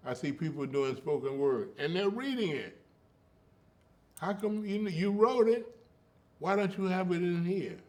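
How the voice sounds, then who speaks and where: An older man tells stories in a relaxed interview and keeps a steady rhythmic pulse in his speech. He leans on emphatic repeats and checks in with his listener through "you know" and "okay.". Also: medium pitch. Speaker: interviewee, griot. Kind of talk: casual conversational storytelling.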